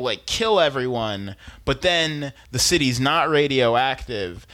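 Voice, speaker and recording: Animated bright-voiced man recapping a show. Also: on the high side. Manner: animated, acts out characters with lots of swearing and laughter. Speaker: podcast co-host. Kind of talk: casual recap chat.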